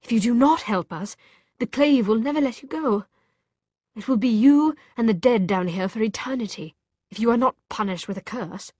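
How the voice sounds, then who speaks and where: Woman doing a gentle but firm young guy, earnest and steady, bit breathy. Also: medium pitch, brisk, hardly any pauses, no room sound, voice pushed up.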